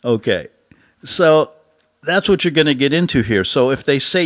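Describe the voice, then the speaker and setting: A male host delivers a loose, rambling commentary monologue. His pitch swings up and down constantly, and he keeps chuckling at his own jokes. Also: animated, normal speed.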